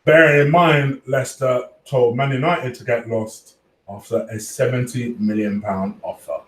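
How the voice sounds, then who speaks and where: A man's voice: medium pitch, fairly even intonation, a little slow, fairly bright tone, a little hiss or hum. A chatty man hosts a casual live stream, swearing loosely and calling out viewers by name. He sits back from the mic in an echoey room, so his voice sounds roomy and a little distant. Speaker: fan channel host reading live chat.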